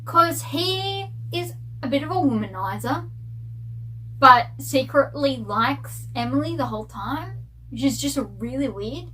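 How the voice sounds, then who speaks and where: A woman book vlogger giving a casual spoiler review in an animated, gossipy, ranting manner. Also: high voice, unhurried, low-quality recording.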